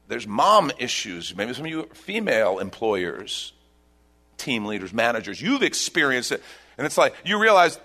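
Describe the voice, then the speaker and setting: A male pastor preaching a sermon, animated and acting out the voices of the people he quotes. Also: a little high, moderate pace.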